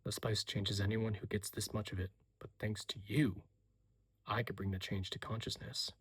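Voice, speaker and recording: Man doing a tormented, intense young man; whispered role-play, breathy and low. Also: little pitch movement, normal speed. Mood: ominous. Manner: hushed, low and tense.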